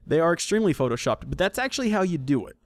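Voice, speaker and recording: A man's voice: fairly high pitch, very animated, racing, dry recording. A man hosting a casual solo podcast, rambling, self-correcting and joking as he goes. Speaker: podcast host.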